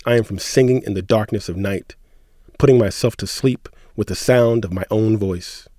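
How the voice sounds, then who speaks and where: A man's voice: on the low side, moderate pace, mellow, no room sound, studio quality. Man co-hosting radio, earnest reader. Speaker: radio co-host. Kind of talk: radio chat and poetry reading.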